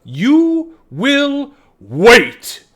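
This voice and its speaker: A man voicing a commanding high priestess who speaks slowly and imperiously. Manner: slow, imperious, raises voice.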